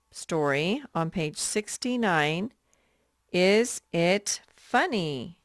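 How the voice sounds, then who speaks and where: Patient woman teacher for young readers, very slow and smooth, repeats every word. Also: on the low side, no echo, studio quality. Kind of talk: early reading lesson for young children.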